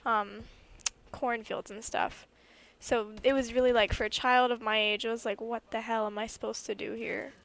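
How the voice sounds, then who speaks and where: A woman's voice: fairly high pitch, vocal fry. A young woman vlogger telling a personal story in a chatty way, with lots of fillers and the odd swear word. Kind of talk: casual storytime while gaming.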